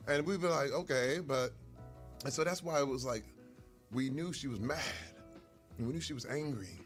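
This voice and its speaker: A man telling stories from his life in casual conversation over a meal, animated and earnest, sometimes getting emotional. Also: mid-range voice, moderate pace, soft background music. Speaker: guest.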